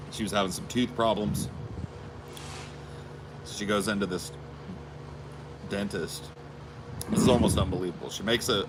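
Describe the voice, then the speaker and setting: A low-pitched American man spins a rambling, profane anecdote in casual podcast chat. His voice sits deep, and a clear background hum runs under the recording. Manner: rambling anecdote-telling, crude asides. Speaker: podcast co-host.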